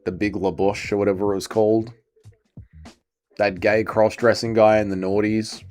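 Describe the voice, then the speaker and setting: A young Australian man with a low, darkish voice hosts a livestream of casual fight-watching commentary. He is crude, profane and mocking, reading chat aloud and answering it.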